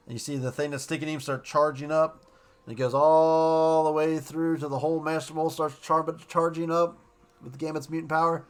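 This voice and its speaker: In a slightly high voice, a man excitedly rambles through a casual recap and review of a cartoon episode, tossing in quick character quotes along the way.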